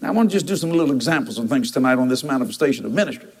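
A man's voice: medium pitch, expressive, racing, husky. A man, preaching a storytelling sermon and jumping into quoted voices with laughter.

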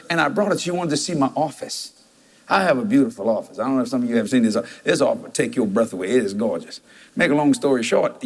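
A man's voice: mid-range voice, husky. A man, preaching a storytelling sermon and jumping into quoted voices with laughter.

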